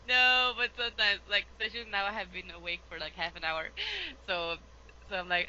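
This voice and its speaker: A lively Swedish woman, speaking English as a second language, chats as an interview guest. Her voice is low-pitched and bright, with a crisp edge. The audio is slightly dull and lo-fi, with a faint hiss behind it. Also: fairly quick, long pauses. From Sweden. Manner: lively, laughs often, many fillers. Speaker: voice actress guest. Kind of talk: casual interview chat.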